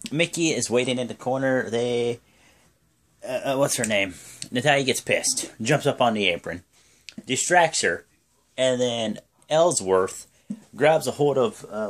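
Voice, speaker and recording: Young man, casual wrestling recap, rambling, filler-heavy, mid-pitched voice. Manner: rambling play-by-play with many fillers, acting out quotes. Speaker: wrestling fan recapping a show.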